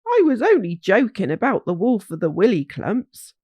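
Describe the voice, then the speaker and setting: A woman voicing a kindly old male hog who keeps watch over the woods, with rustic folksy speech and a gentle, soothing manner. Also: medium pitch, huge pitch swings, normal speed, breathy edge, no echo.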